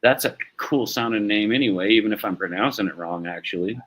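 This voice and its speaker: A man's voice: on the low side, brisk, a bit bright, slight background noise, low-quality recording. A man hosting a live stream, chatting casually about sports in a rambling, laid-back way and swearing now and then. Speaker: stream host.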